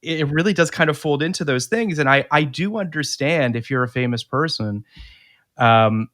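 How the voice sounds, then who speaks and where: A man's voice: on the high side, normal speed, fairly bright tone. A man hosting a podcast, talking casually and opinionatedly, often restarting his sentences and repeating words. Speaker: podcast host.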